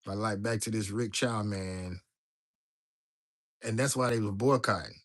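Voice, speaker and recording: A man with a voice on the low side hosts a casual livestream at a measured pace. He talks loosely and directly to his viewers, reading the chat aloud and greeting people from it.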